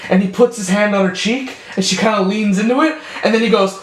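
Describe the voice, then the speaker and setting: Animated young man retelling a cartoon scene. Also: high-pitched, fast talker, few pauses, reverberant. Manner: animated storytelling, swearing freely. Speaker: podcast co-host. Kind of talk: casual chat.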